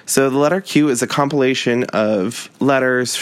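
A man's voice: medium pitch, normal speed, clear, resonant tone. Chatty young podcast host, a man. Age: 20s. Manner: chatty and upbeat, with laughs and fillers. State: out of breath. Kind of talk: casual podcast chat.

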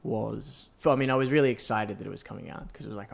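A man's voice: fairly low pitch, quick pace, vocal fry. A man co-hosting a casual chat, rambling with lots of fillers and restarts. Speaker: podcast co-host.

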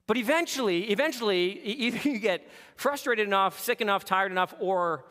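A man preaching a sermon, animated, moving between hushed and loud passages. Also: high-pitched, a little fast, in a large hall. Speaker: pastor.

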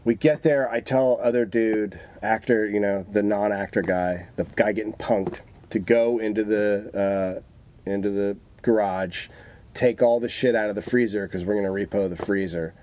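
A man in casual chat, telling profane, animated stories about his past work. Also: on the low side, moderate pace, a little hiss or hum. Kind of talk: casual storytelling.

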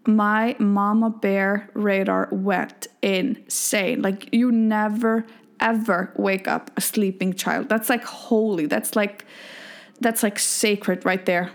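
A woman's voice: medium pitch, little pitch movement, slow. A woman in her thirties from Iceland with an Icelandic accent, hosting a podcast from home in a chatty, self-deprecating monologue full of fillers. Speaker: podcast host.

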